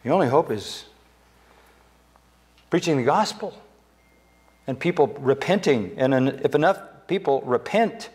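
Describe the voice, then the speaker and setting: A man's voice: a little high, expressive, measured pace, long pauses, a little mellow. Older man preaching an emphatic sermon. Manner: emphatic preaching, rising sharply when quoting Scripture. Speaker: pastor. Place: church sanctuary.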